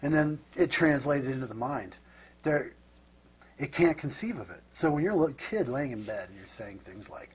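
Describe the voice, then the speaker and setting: Middle-aged interview guest from the Midwest, husky and breathy, rambling and reflective. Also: male voice, mid-range voice, lively intonation, normal speed, darkish tone. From Nebraska, USA. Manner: rambling and reflective, with frequent tag questions. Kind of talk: casual storytelling.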